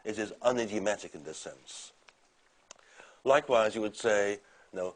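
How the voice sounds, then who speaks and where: Male lecturer, lowish voice, loose conversational delivery with ums and restarts. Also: normal speed. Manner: conversational, hesitant with fillers and restarts. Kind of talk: university lecture.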